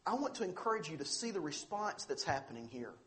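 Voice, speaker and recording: A man's voice: a little high, big pitch swings, fast talker, fairly bright tone. A man preaching a sermon, earnest and emphatic, pressing hard on the scripture he reads out. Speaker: pastor.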